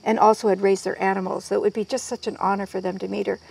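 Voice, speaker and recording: Gravelly-voiced woman telling a story. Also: medium pitch, fast talker. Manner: lively storyteller, quoting others in their voices. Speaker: guest herbalist. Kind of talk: storytelling in an interview.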